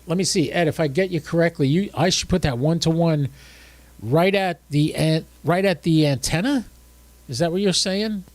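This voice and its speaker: A man's voice: fairly high pitch, darkish tone, dry recording. A drowsy, tired man hosting a casual livestream, chatting and thinking aloud as he works his ham radio gear. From United States.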